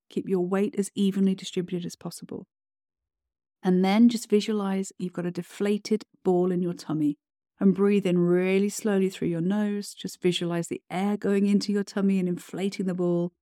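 Woman coach, solo podcast host; steady, reassuring teaching delivery in a dry, mellow voice. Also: mid-range voice, no echo. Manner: calm, encouraging, instructive. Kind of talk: solo podcast advice talk.

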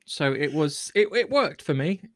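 A man's voice: a little high, lively intonation, moderate pace, no room sound, clean studio sound. A man co-hosting a podcast, blunt and sweary, often tagging his points with a questioning "yeah". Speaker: podcast co-host. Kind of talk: casual chat review.

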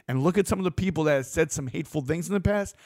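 A man delivering a blunt, opinionated monologue as a host, swearing freely and getting animated. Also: a little high, very fast, no echo, studio quality.

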